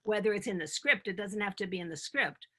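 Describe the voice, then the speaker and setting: A woman's voice: mid-range voice, a little fast, a bit bright. An older woman, a TV comedy writer, speaking wryly in conversation and explaining the craft like a teacher. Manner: wry, laughs at her own stories, teacherly on craft. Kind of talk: conversational interview.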